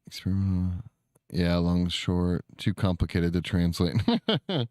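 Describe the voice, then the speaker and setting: Casual male streamer, lowish smooth voice, dry close mic, chatty and profane. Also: little pitch movement, measured pace, a little mellow, no echo. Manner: chatty, reads chat aloud, swears casually. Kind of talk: casual livestream chat.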